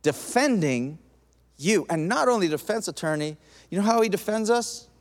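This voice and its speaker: High-voiced preacher man in a reverberant hall. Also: normal speed. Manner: animated, acts out quoted voices, drops to soft intense tone. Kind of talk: sermon.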